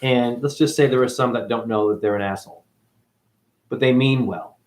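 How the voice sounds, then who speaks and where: Profane, swinging livestream ranter, man. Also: moderate pace. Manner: profane, swings between loud high outbursts and low mutters. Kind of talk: rambling spiritual livestream rant.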